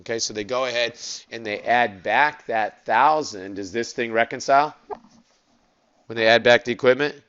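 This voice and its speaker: A man teaching an accounting lecture, asking the class quick rhetorical questions and stretching out key words. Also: mid-range voice, a bit bright, clean tone, highs cut off.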